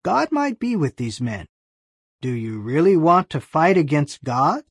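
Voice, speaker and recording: The narrator voicing a cautious male Pharisee elder, warning softly in a storybook reading. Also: mid-range voice, very animated, measured pace, husky, dry recording, studio quality, full character voice. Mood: cautioning.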